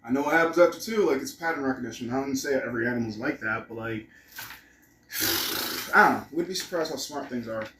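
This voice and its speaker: Casual male vlogger, profane rambling monologue, mid-pitched, set back from the mic in a roomy space. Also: fairly quick, pauses often, bright, forceful tone, distant mic, slight background noise. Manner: rambling, profane, musing aloud. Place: room at home.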